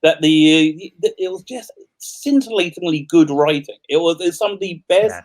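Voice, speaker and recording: A man's voice: sits high, normal speed, darkish tone. A man hosting an interview on a video call, an eager fan who stumbles and repeats words as he talks. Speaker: podcast host.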